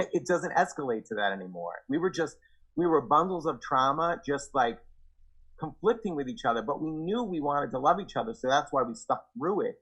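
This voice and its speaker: Man, young adult, husky voice, earnest, reflective, podcast guest. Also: fairly high pitch, normal speed, poor audio. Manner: earnest, reflective, animated when quoting himself. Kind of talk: casual conversation.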